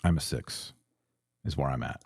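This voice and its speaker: Low, dark-voiced man hosting a livestream. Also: moderate pace, slightly rough, dry recording, studio quality. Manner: earnest, emphatic, repeats phrases. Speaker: host reading super chats. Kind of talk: livestream commentary.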